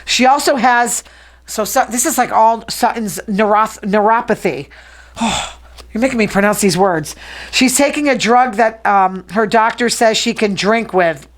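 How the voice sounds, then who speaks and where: A woman hosting a casual gossip show, talking fast, chatty and opinionated. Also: fairly high pitch. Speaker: host.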